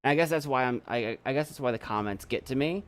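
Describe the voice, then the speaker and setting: A man's voice: mid-range voice, fast, clean tone, faint music behind. A young man streaming from his desk at home, chatting casually in a rambling, self-doubting way and repeating himself. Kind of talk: casual live-stream chat.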